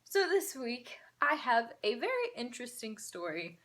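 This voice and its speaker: Young woman telling a breathless, sarcastic storytime. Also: fairly high pitch. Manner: animated, sarcastic storytelling with quick asides. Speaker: vlogger. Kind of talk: casual storytime vlog.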